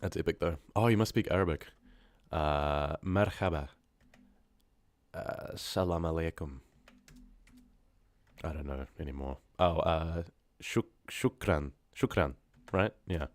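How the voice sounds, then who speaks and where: A man's voice: very deep voice, measured pace, no echo. A young man with a New Zealand accent, chatting casually and slangily with his live-stream viewers between horror story readings, often laughing.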